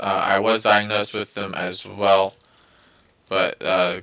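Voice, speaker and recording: A man's voice: low voice, bright, forceful tone, muffled recording. A man with a scratchy voice talking casually to his viewers in a vlog, hesitant and full of fillers and restarts. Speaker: video creator.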